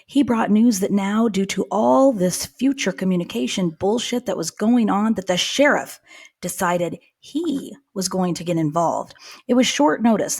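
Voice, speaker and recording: A woman's voice: medium pitch, vocal fry, a little mellow, slightly rough. A woman co-hosting a podcast, narrating and chatting in a dry, wry way. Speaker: podcast co-host. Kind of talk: casual comedic chat and narration.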